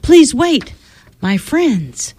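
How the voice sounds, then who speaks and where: Woman reading as a gentle elderly man. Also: high voice, very animated, extremely slow, dry recording, voice pushed up, full character voice. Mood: solemn.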